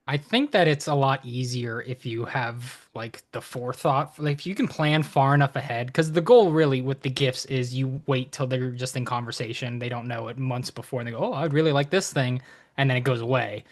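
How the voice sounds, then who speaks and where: A man's voice: medium pitch, steady tone, a little fast, hardly any pauses. A man talking through his thoughts in a casual podcast chat. He rambles a little and laughs as he speaks. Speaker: podcast co-host.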